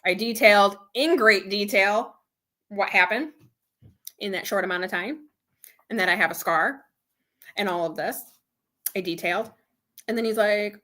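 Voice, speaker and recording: A woman's voice: medium pitch, normal speed, pauses often, pushed and bright. A middle-aged woman hosting a casual live chat, candidly retelling an argument and quoting both sides of it. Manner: candid storytelling, retelling an argument with quoted dialogue. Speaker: channel host.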